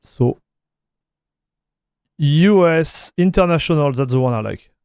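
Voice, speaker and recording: A man with a French accent chats casually on a live tech stream, taking his time and often trailing into fillers. His voice sits a bit high for a man. The sound is close and dry, with no room echo. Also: lively intonation, slow pace, gravelly, a little mellow, clear, resonant tone. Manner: loose and chatty, with many fillers and repeated words. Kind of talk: casual livestream chat while installing software.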